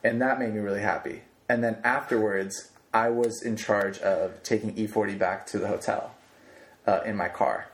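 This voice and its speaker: A man's voice: fairly low pitch, steady tone, moderate pace. A young man co-hosting a podcast, telling a story in a laid-back, slangy way and laughing easily. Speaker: podcast co-host. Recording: roomy echo.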